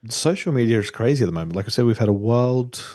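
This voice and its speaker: A man's voice: medium pitch, expressive, fast, mellow, dry recording. A young man with an Aboriginal Australian English accent, co-hosting a podcast in casual chat, laid-back and rambling with easy laughs. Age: young adult. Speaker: podcast co-host.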